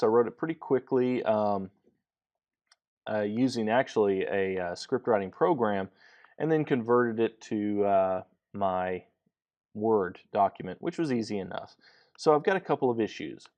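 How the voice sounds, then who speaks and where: A man instructor walking through a screenwriting tutorial, halting with many fillers as he explains each step. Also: on the low side, darkish tone.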